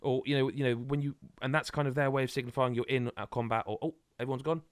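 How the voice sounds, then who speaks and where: A man's voice: medium pitch, fast talker, no room sound, studio quality. Rambling man on a podcast. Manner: rambling, animated, many restarts. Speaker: podcast co-host. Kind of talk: casual chat.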